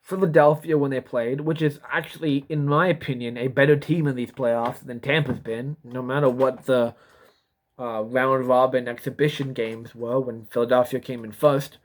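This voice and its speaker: A man's voice: mid-range voice, fairly even intonation, moderate pace. A young man in a casual vlog, rambling and repeating himself as he talks through a prediction, yawning now and then. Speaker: YouTuber giving sports predictions.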